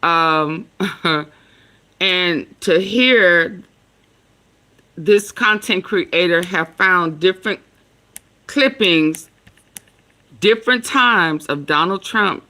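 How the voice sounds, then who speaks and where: Brief: woman commentary vlogger, unhurried and earnest, with a crisp bright tone. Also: lowish voice. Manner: slow, earnest, rambling with fillers. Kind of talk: casual commentary.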